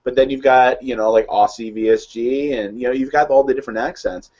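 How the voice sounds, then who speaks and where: A Midwestern American man co-hosts a casual chat, rambling in an easygoing way. His medium-pitched voice is fairly even in intonation, a little fast and darkish in tone, with lo-fi sound.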